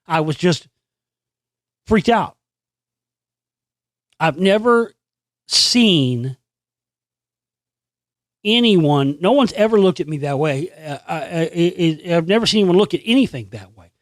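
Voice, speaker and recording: A man hosting his own channel, delivering a profane, sarcastic ranting monologue and animated storytelling. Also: fairly high pitch, slow, long pauses, no room sound, studio quality. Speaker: channel host.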